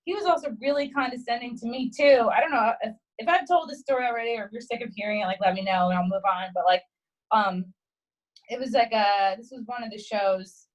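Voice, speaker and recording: A young adult woman and guest comedian, telling a story in casual podcast chat, animated and swearing freely as she acts out quotes. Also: fairly high pitch, fairly quick, low-quality recording.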